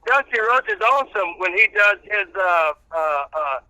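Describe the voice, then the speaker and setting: A man's voice: high-pitched, animated, moderate pace, sharp tone, no echo, poor audio. Rambling man in casual chat. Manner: rambling, many filler sounds. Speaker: guest, radio personality.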